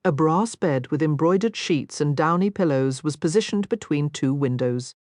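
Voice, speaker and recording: Low-voiced expressive woman narrator. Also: normal speed, no room sound, clean studio sound. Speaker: audiobook narrator. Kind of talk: scripted narration.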